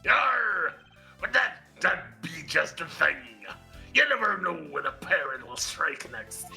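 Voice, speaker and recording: A man's voice: on the high side, sing-song, a little slow, gravelly, bright, forceful tone, soft background music, heavily acted. A man voicing a boisterous, teasing grown man who slips into pirate talk, in a fan dub of a game. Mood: piratey. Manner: hammy, exclamatory, teasing. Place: home voice chat with game music behind.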